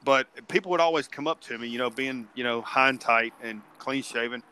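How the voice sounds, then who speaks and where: A man who served as a Marine, telling stories in a laid-back, swearing, lively way in casual chat. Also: mid-range voice, fairly quick, smooth. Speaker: veteran podcast guest.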